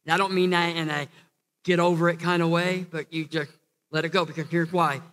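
A man gives a sermon as pastor in a church hall, the long reverb hanging after him. His voice is on the high side, level, fairly quick and fairly bright, and he earnestly repeats and restarts phrases while building to emphatic peaks.

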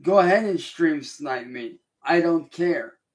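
Male livestreamer, fairly high voice, slow defiant lecture. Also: lively intonation. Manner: slow, deliberate, repetitive lecturing; confrontational, defiant. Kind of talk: livestream rant addressed to a critic.

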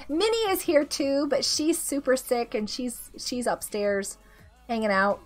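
A woman in her thirties, sick with a rough throat, chatting casually and giggling as she greets viewers during a game stream. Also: sits high, very animated, unhurried. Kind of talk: casual live-stream chat while gaming. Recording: faint music behind the voice.

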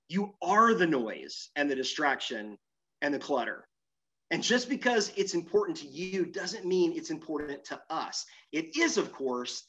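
A middle-aged man delivers an animated, self-deprecating conference talk, moving about as he speaks. His voice is bright and a touch high. The sound is muffled and lo-fi. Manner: animated, self-deprecating, moves around while talking. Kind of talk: energetic conference presentation.

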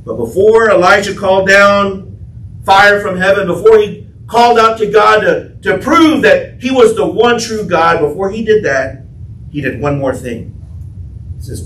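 A pastor preaching a sermon, telling the story dramatically and acting out the quotes, sometimes shouting. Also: male voice, high voice, moderate pace, far from the mic, slight background noise. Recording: echoey room, voice from off-mic.

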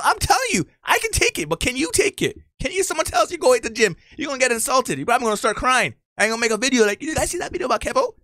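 A man reacting to clips with blunt, opinionated takes and a lively voice that swings up and down. His tone is bright and forceful, and the sound is dry and close. He talks like a casual reaction host on a rant. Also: very high-pitched, dry recording.

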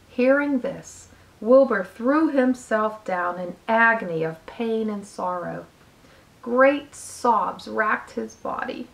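Teacher lady reading a chapter book out loud, slow and expressive. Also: fairly high pitch, creaky, rough recording. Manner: steady, expressive storytelling.

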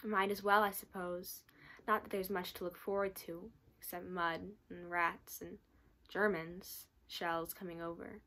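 A woman's voice: on the low side, little pitch movement, measured pace, pushed and bright. A woman reading aloud, voicing a chatty, resigned male army orderly in clipped phrases. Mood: weary cheer.

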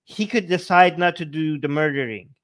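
A man with a slightly high voice gives loose, sarcastic commentary on scripture. He talks in an animated way, stops to restart his sentences, and breaks into mocking paraphrases. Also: moderate pace. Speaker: podcast co-host.

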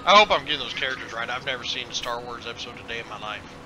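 A man's voice: mid-range voice, very fast, a crowd in the background. A man hosting a casual gaming voice chat who jokes around and makes silly noises. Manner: joking, playful, does silly sound effects. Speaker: gaming channel host. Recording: noisy voice chat background.

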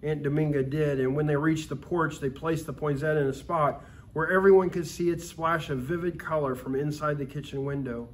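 A man reads a Christmas story aloud at an even storytelling pace, giving the narration calm expression. His voice sits somewhat high, and he stumbles now and then over a word. A faint hiss runs under the recording. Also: fairly quick. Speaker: story reader.

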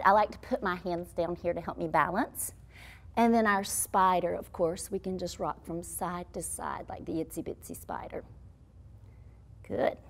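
A woman who teaches children's movement classes, guiding young kids through animal yoga poses in a cheerful, encouraging way. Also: on the high side. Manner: cheerful, encouraging, speaks simply to small children. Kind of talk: leading a kids' yoga class.

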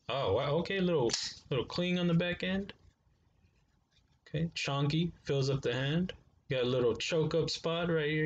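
A man chats through a casual unboxing vlog, loose and slangy, talking straight to his viewers. The audio is slightly dull and lo-fi, with a faint hiss underneath. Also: a little high. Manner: laid-back, slangy, chatty with viewers. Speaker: knife reviewer.

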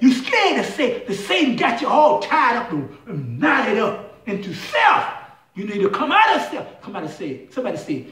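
A man preaching a fiery call-and-response sermon, shouting questions and then dropping low. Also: wildly swooping pitch, moderate pace, far from the mic. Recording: echoey room, voice from off-mic.

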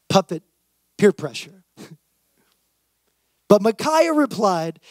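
A man, a youth and worship pastor, preaching a sermon and reading scripture aloud with lively, acted-out emphasis. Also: high-pitched, drawn-out words, pauses often, dry recording.

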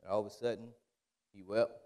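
A man preaching a sermon as pastor, in emphatic call-and-response style that builds to loud, drawn-out declarations. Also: lowish voice, steady tone. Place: church sanctuary. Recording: long reverb of a church hall.

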